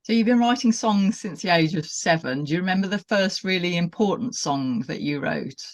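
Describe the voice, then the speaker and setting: A woman's voice: on the low side, lively intonation, normal speed. A woman interviewer asking a musician questions in a friendly, lightly hesitant way.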